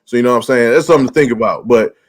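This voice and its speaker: A man's voice: medium pitch, very fast. A man hosting a podcast, chatting casually and telling a story with lots of fillers and cursing. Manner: loose, profane, lots of "like" fillers. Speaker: podcast host.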